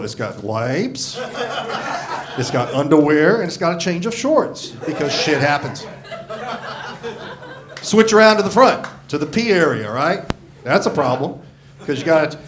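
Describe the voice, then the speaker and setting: A man in his sixties doing a gruff, profane, self-mocking stand-up comedy set on a club stage. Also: sits high. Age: 60s. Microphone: handheld stage mic. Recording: live club recording with crowd laughter. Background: audience laughing.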